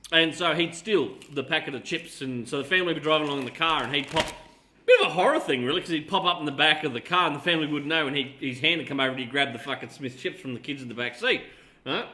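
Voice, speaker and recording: Australian male co-host, high-ish voice, crude, playful chat. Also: fast, reverberant, a little hiss or hum. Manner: animated, sweary banter. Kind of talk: casual chat.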